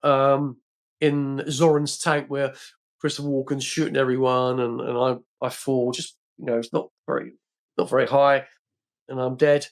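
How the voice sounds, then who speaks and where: A man's voice: medium pitch, little pitch movement. Older man telling rambling anecdotes. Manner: rambling, halting with many fillers and restarts. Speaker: podcast guest, film actor. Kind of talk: casual interview storytelling.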